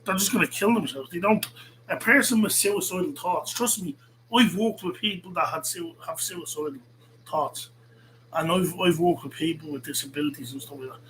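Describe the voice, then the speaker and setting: A man's voice: fairly high pitch, moderate pace, a bit bright, a little hiss or hum, low-quality recording. A man hosting a podcast, delivering a heated, profane rant and repeating himself as he goes. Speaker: podcast host. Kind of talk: angry ranting monologue.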